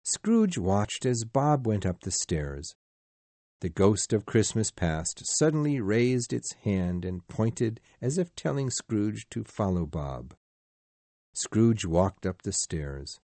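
A man narrating a storybook in a slow, measured, expressive way. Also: on the low side, no room sound. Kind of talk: storybook reading.

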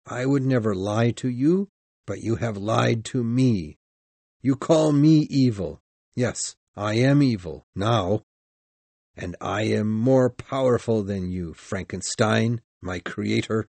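A man voicing a bitter, vengeful male monster in a storybook reading, speaking slowly and loudly in a dry recording. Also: on the low side, gravelly, dry recording, full character voice.

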